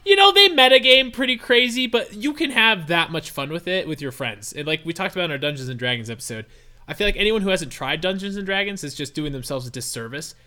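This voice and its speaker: A man co-hosting a podcast in casual chat, excitable and quick to act out his own reactions. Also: sits high. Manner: excitable, animated, acts out reactions in quotes. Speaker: podcast co-host.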